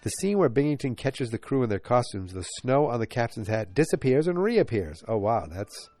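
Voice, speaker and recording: A man's voice: mid-range voice, very animated, normal speed, darkish tone, no room sound, soft background music. A man hosting a casual solo podcast from his couch at home, talking into a handheld recorder with a congested, nasal voice and thinking aloud as he chats. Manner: chatty, thinking aloud, easily sidetracked. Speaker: podcast host. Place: living room couch at home.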